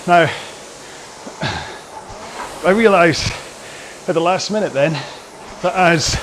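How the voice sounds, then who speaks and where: A man's voice: high-pitched, takes it slowly, noisy background. A man hosting a rowing workout from his home garage, chatting casually in a rambling, jokey and self-deprecating way during the cool-down.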